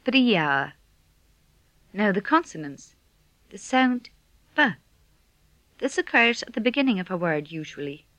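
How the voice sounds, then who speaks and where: A woman teaching pronunciation in a slow, measured scripted lesson, demonstrating each sound. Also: mid-range voice, sing-song, fairly bright tone, no echo, dull audio. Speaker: language teacher.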